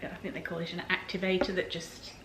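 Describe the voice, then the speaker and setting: An older woman chats about her skincare in a hesitant way, often pausing on ums and starting over. The room gives her voice a roomy echo, and a faint hum runs underneath. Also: fairly low pitch, little pitch movement. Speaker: guest, host's mother. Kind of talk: casual chat.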